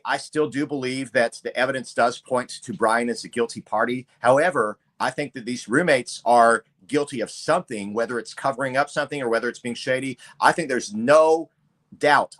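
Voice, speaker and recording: A middle-aged man co-hosts a true-crime podcast, laying out his views in a measured, deliberate way. His voice sits at an ordinary middle pitch. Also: fairly bright tone. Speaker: podcast co-host.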